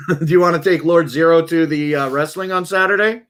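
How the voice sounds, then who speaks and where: A man's voice: a little high, normal speed, a bit bright, clear, resonant tone. Profane joking man livestreaming. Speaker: livestream host. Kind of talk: casual livestream chat.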